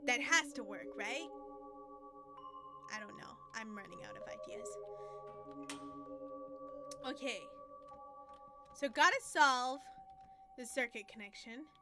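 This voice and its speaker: A woman streaming a horror game, talking to herself in a flustered, panicky way, dropping to whispers and jumping to shrieks. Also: high voice. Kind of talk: live game commentary. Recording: music playing behind the voice.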